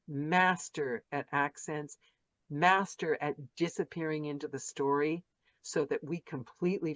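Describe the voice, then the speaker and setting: Over dull, lo-fi video-call audio with a dry sound, a low-pitched, slightly bright woman interviews narrators for her podcast. Casual and effusive, she gushes and keeps restarting her sentences.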